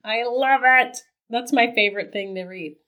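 A woman hosting a podcast in casual chat, relaxed and playful, laughing often. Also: on the high side, normal speed. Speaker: podcast host.

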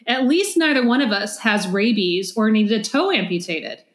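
A woman co-hosting a podcast, chatting casually and quickly recounting things. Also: medium pitch, animated. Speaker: podcast co-host. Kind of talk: casual chat. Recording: roomy echo.

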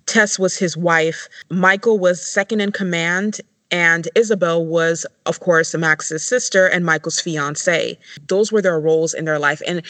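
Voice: mid-range voice, fairly bright tone, no room sound. A podcast co-host lays out a careful, emphatic analysis of a TV show. The sound is dry and close, with no room around the voice. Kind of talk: analytical discussion.

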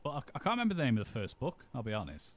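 A man's voice: medium pitch, huge pitch swings, very fast. A man hosting a podcast, chatting casually and joking, often restarting his sentences. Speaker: podcast host. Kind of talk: casual chat.

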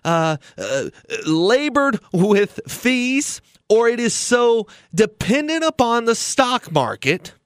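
A man's voice: high voice, fairly bright tone, no room sound, clean studio sound. A man hosting a retirement planning podcast, telling a story in an earnest, persuasive way.

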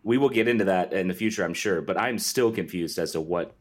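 A man's voice: sits low, fairly quick. A man co-hosting a podcast, making wry asides in casual movie chat. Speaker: podcast co-host.

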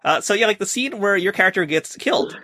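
A man's voice: high voice, expressive, fast, sharp tone, dry recording, clean studio sound. A man hosting a podcast, asking rambling, hesitant questions full of fillers. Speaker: podcast host, interviewer. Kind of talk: casual interview questions.

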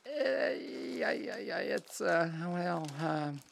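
A man's voice: high-pitched, animated, slow, vocal fry. An older man co-hosting a podcast, chatting casually and joking with frequent laughs. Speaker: podcast co-host. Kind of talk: casual chat.

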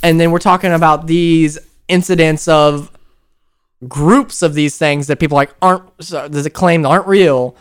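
An American man hosting a casual paranormal podcast, telling stories in an animated way with frequent laughs. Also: on the high side, normal speed, smooth. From United States. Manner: animated storyteller, laughs often, acts out quotes. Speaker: podcast host.

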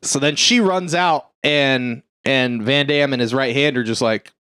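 A man retelling a film plot in loose, profane chat on a podcast. His pitch sits in an ordinary middle range and he rambles with jokes and fillers. The sound is dry and close. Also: a little slow, sharp tone, smooth, no echo. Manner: rambling, profane, jokey storytelling. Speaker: podcast co-host. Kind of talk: casual movie recap chat.

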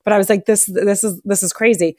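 Woman podcast host, chatty and excited, laughs a lot, dry close sound. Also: medium pitch, a little fast, no echo. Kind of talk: casual interview chat.

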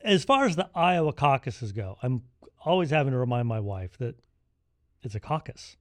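A man who is a guest on a political podcast, explaining things in a measured way with dry humor. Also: medium pitch, sing-song, dry recording. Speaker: podcast guest, think-tank executive.

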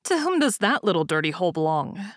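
A woman's voice: lowish voice, big pitch swings, brisk, no room sound, studio quality. A woman reading a storybook aloud, voicing a proud young princess who is haughty and then plaintive.

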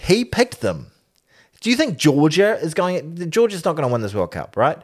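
A man co-hosting a casual rugby podcast, retelling events in an animated, exaggerated way. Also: fairly high pitch, moderate pace. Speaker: podcast co-host.

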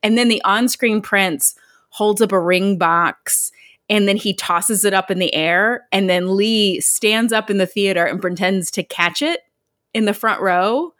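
A young woman co-hosting a podcast, casually retelling a story with lively quoted asides. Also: mid-range voice, a little slow, no echo, studio quality. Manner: animated storytelling with laughs and quoted voices. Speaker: podcast co-host.

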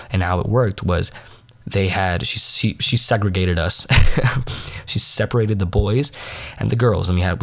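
A young man tells a late-night podcast story in a loose, rambling way. His voice sits low and he fills it with constant fillers. He pokes fun at himself and sounds a little sniffly. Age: young adult. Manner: rambling, full of "like" fillers, self-mocking. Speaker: podcast host.

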